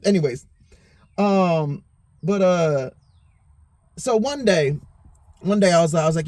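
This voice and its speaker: A man's voice: sits high, animated, normal speed, long pauses, a little mellow, no echo. A slightly tipsy man hosting a podcast, rambling through a personal story with lots of swearing and constant "you know what I'm saying". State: a little tipsy. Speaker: podcast host. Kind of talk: casual storytelling monologue.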